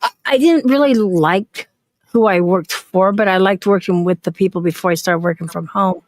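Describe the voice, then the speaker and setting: A woman's voice: medium pitch, moderate pace, dry recording. A woman talking casually about her past job. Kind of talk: casual chat.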